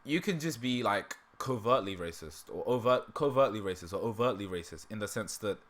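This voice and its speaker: A man's voice: fairly low pitch, expressive, brisk, a bit bright. A man hosting a livestream in casual, rambling chat, laughing often and breaking off mid-sentence, with a sore throat. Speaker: livestream host.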